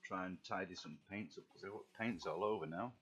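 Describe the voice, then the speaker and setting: A middle-aged man with a rough Yorkshire accent, chatting and bantering with viewers while he paints miniatures on a live stream. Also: deep voice, fairly quick, a bit bright. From England. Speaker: live-stream hobby host. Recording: dull lo-fi stream audio, faint music.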